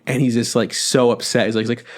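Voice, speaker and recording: A man's voice: medium pitch, level tone, fast. Rambling, cussing young guy on a podcast. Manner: rambling, profane, many fillers and restarts. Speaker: podcast co-host. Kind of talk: casual chat.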